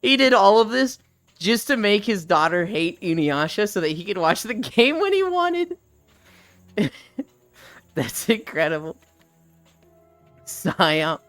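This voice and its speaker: Streamer on a walk, rambling chat, smooth and dry, faint music behind. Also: medium pitch, very animated, takes it slowly, long pauses, fairly bright tone, no echo. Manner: rambling, laughing, swears casually. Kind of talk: casual chat with live stream viewers. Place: outdoors walking.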